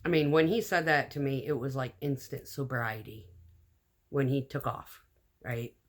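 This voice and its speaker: A woman telling a personal story in a casual storytime vlog, animated and blunt, acting out the lines of the people in it. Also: a bass voice, moderate pace. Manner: animated, acts out quoted dialogue.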